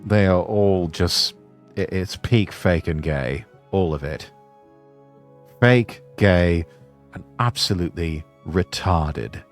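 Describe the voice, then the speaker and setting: A man's voice: low-pitched, slow, soft background music. A man hosting a stream, chatting in a sarcastic, crude and mocking way. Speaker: streamer host. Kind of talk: casual stream chat.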